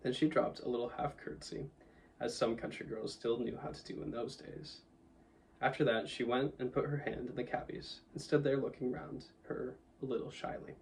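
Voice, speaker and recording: A man reading a children's novel aloud in a steady, even storytelling manner, a little away from the mic. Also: medium pitch, normal speed, vocal fry, recorded from a distance, slight background noise, rough recording. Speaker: audiobook reader. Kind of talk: storybook narration.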